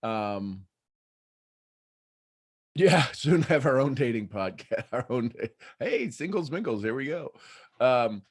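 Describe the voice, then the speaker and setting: A man hosting a casual morning livestream, talking in an animated way and laughing often. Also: mid-range voice, slow pace, pauses often, slightly rough. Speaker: host.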